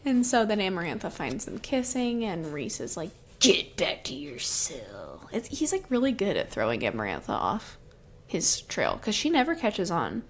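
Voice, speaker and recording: A woman's voice: medium pitch, very animated, moderate pace. A young adult woman co-hosting a podcast, recapping a novel in casual chat and loosely filling gaps with "um" and "like". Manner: recaps the plot loosely, with many fillers like "um" and "like". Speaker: podcast co-host. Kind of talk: casual book-discussion chat.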